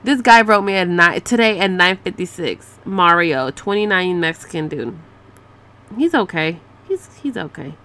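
A woman's voice: on the low side, expressive, normal speed, pushed and bright. A woman in her thirties ranting casually to camera, sarcastic and swearing freely, with bits of Spanish slang. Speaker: vlogger.

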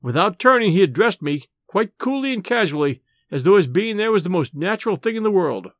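Male audiobook narrator, first-person novel, lively varied pitch, slightly high voice, dry close sound. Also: brisk, hardly any pauses, dry recording. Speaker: audiobook reader.

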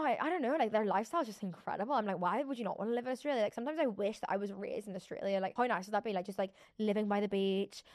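A woman's voice: mid-range voice, no room sound, clean studio sound. A woman from Belfast with a Belfast accent, hosting a podcast in a chatty, rambling solo monologue full of "like". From Belfast, Northern Ireland. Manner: chatty, rambling, oversharing, lots of "like". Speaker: podcast host. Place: indoor recording room.

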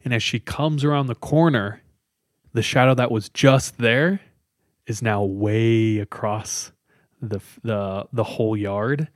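A man's voice: medium pitch, steady tone, takes it slowly, no echo, studio quality. A man casually retelling a scary story to friends, chatty and loose, with lots of fillers. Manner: conversational, loose with many fillers.

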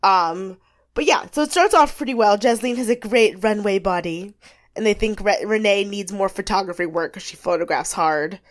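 A woman's voice: mid-range voice, moderate pace. A woman co-hosting a podcast, recapping a reality show in a casual, chatty way with lots of fillers. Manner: animated, chatty, many fillers. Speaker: podcast co-host.

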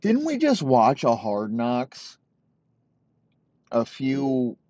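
A man's voice: mid-range voice, huge pitch swings, extremely slow, darkish tone, no room sound, dull audio. A man hosting a sports podcast, ranting in a rambling way and swearing heavily. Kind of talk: profane sports rant.

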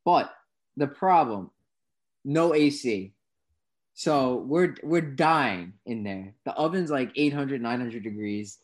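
Young man, casual podcast chat, animated storyteller, mid-pitched voice. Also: takes it slowly. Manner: animated storytelling, voices his own reactions loudly. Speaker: co-host.

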